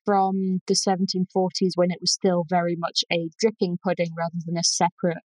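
A woman's voice: on the low side, monotone, a little fast, no room sound, low-quality recording. A woman with a Lancashire accent explaining food history in a casual chat, thoughtful and full of ums. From Lancashire, England.

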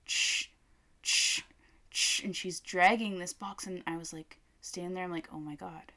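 A woman's voice: fairly low pitch, unhurried. A woman co-hosting a casual chat, telling a story with lots of swearing and acted-out quotes. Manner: animated storyteller, swears freely, acts out quotes. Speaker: co-host.

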